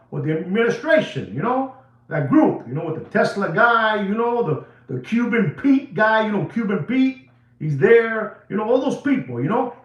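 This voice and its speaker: Excitable bilingual man. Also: roomy sound, far from the mic, muffled recording. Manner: excitable, switches between English and Spanish, repeats himself; drops to a low serious tone. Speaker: watch channel host. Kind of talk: animated casual monologue.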